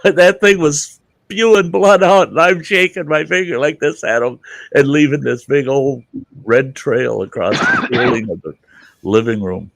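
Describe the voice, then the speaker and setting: Man, gravelly voice, lively pitch, dry close sound, casual storytelling. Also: unhurried, no room sound. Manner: animated, swears freely, laughs through his stories. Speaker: live stream host.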